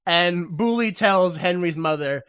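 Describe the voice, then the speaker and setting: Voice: medium pitch, a little slow, a bit bright, clean tone. A podcast co-host casually retelling a TV episode, laughing often and rambling loosely. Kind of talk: casual comedic recap of a TV episode.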